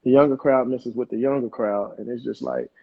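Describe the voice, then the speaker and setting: Laid-back man in his 20s from Mississippi, husky, dull lo-fi stream sound. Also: mid-range voice, fairly even intonation, a little fast. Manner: laid-back, loose, lots of "you know what I'm saying". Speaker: rapper guest. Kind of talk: casual interview chat.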